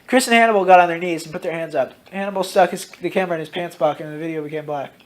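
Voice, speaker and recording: A man casually reading out his own story, dropping into loud voices for its characters. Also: a little high, rapid-fire. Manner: switches into loud shouted character lines, swears freely.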